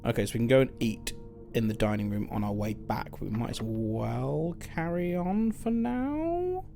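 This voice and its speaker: A man's voice: mid-range voice, lively intonation, a little slow, gravelly, warm tone, soft background music. A man streaming a video game, thinking aloud in casual, muttered commentary.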